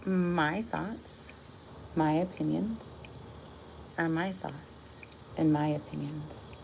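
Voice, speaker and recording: A woman's voice: low-pitched, fairly even intonation, slow, gravelly, slight background noise, poor audio. A woman musing casually about her views, then reading a short devotional aloud, wandering and restarting as she goes. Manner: musing, meandering, with soft laughs and restarts. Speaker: vlogger sharing a devotional.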